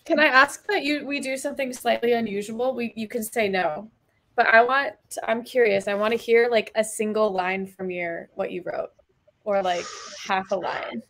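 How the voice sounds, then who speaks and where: A fairly high female voice with a gravelly edge. She chats eagerly and openly as a guest on a writing stream. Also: steady tone, moderate pace, a bit bright, a little hiss or hum. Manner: chatty, eager. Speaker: guest writer. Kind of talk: casual chat among writers.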